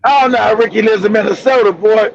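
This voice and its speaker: Man, very high voice, loud profane storyteller, muffled audio. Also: quick pace, vocal fry, slight background noise. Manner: loud, laughing, swearing storyteller. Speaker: livestream host. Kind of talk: casual profane commentary.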